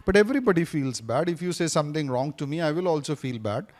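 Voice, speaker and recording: A man with a fairly high voice leads a classroom lesson, firing questions at his audience and circling back to the same point. He talks to the room in a teacherly, probing way. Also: animated, fast, a little mellow. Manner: questions the audience, repeats points, switches briefly into Hindi. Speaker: speaking coach teaching a class. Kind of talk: interactive classroom lecture.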